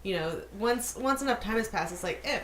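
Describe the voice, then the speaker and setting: A woman's voice: mid-range voice, lively intonation, a little fast, a bit bright, roomy sound, a little hiss or hum, poor audio. A woman co-hosting a casual podcast chat, talking in rambling runs with many fillers and restarts. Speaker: podcast co-host.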